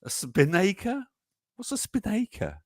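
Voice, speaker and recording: A man, co-hosting a live online chat show. He tells anecdotes with a lot of laughter and a lively up-and-down pitch. The sound is dry and close. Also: measured pace, no room sound. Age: 60s. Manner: chatty, laughs often, tells stories animatedly. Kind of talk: casual chat reading viewer comments.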